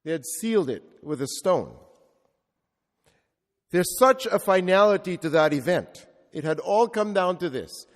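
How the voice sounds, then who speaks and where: A man's voice: high-pitched, animated, a little slow. A male Catholic priest preaching a sermon with reflective storytelling and rhetorical repetition. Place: church. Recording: long reverb of a large church.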